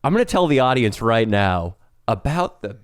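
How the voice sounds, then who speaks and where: A young adult man co-hosting a podcast, teasing with deadpan insults and quick crude asides. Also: medium pitch, smooth, no room sound, clean studio sound. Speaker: podcast co-host. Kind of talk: crude comedic banter.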